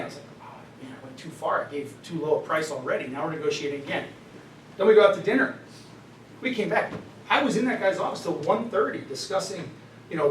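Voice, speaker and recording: A middle-aged man giving an animated storytelling talk to students in a lecture room, with frequent "right?" asides. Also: a little high. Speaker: guest speaker. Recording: roomy, distant mic, faint noise.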